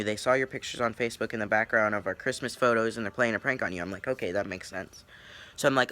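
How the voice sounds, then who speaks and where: A man's voice: medium pitch, fairly quick. A young man, a YouTuber, telling a story to his viewers and acting out the people in it. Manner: animated, acts out voices in retelling. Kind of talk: story time vlog.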